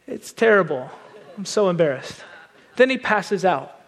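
A man with a high voice preaching on a microphone, spinning an animated, self-deprecating story. His words carry the long reverb of a large hall. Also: a little slow. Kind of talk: sermon storytelling. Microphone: wearing a microphone.

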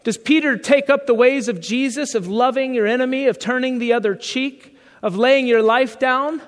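A male pastor with a very high voice delivers a sermon in an easygoing, conversational style and keeps putting questions to his listeners. The voice rings out in a large church, with a long reverb trailing each line. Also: normal speed. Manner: conversational preaching with rhetorical questions.

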